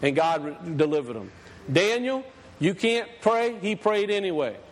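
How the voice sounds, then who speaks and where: A man preaching a sermon, emphatic, reading scripture slowly and deliberately. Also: high-pitched, sing-song, in a large hall.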